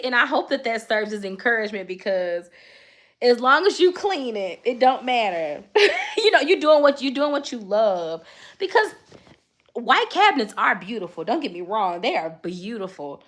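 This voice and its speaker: A woman in her thirties talks to her viewers in a relaxed live chat while she folds laundry. Her voice sits a little high, and she laughs easily between heartfelt words of encouragement. She is chatty and openly emotional, keeping a friendly, faith-minded tone. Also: moderate pace. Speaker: lifestyle content creator and mom.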